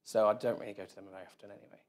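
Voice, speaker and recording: A man from England, a guest speaking before a live audience in an event room, spins rambling, self-deprecating stories heavy with "like." His voice is fairly low, steady and a little mellow, and he speaks very fast.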